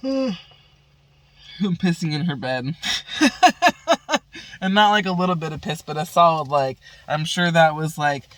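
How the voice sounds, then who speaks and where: A woman's voice: deep voice, expressive, unhurried, dry recording. Crude, rambling woman vlogger. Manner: crude, profane, rambling with constant fillers. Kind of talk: casual storytelling chat.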